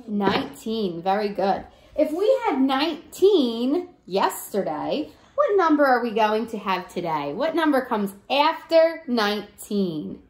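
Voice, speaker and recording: A young woman teaching a preschool circle time lesson, with slow, sing-song, coaxing teacher talk and songs. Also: a little high, sing-song. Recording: echoey room with faint noise.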